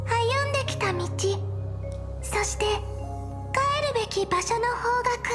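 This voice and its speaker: A calm, gentle heroine from a game cutscene, with a soft, tender way of urging someone on. Her voice sits very high, and clear music plays under her lines. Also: in a large hall. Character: calm, gentle adult woman guiding a traveler. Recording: game audio with music behind.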